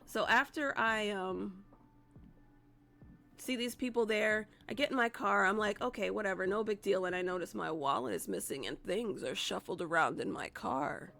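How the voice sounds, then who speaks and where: A woman's voice: mid-range voice, moderate pace, gravelly, pushed and bright, faint music behind. A woman streamer casually telling a rambling, profane story to her live chat. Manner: chatty, profane, rambling with restarts.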